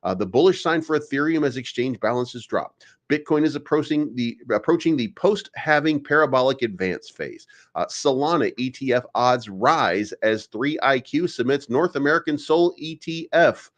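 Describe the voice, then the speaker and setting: A man's voice: mid-range voice, animated, moderate pace. A young adult man hosting a crypto show, ranting with sarcasm and mocking viewers in whiny put-on voices. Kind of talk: energetic daily crypto show monologue.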